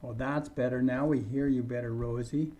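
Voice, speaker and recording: A man teaching an online English lesson, speaking slowly and deliberately and repeating words for learners to copy. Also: mid-range voice, fairly even intonation, warm tone, poor audio.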